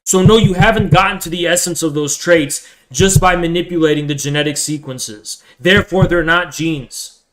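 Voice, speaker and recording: A man's voice: a little high, normal speed. A man in his twenties streaming live, ranting at viewers in a profane, hectoring way and repeating himself. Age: 20s. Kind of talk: angry livestream rant.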